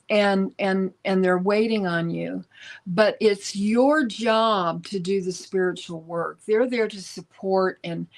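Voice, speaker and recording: A woman on a live stream giving intuitive spiritual guidance, searching for words with many restarts and ums. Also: medium pitch. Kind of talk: casual spiritual guidance talk.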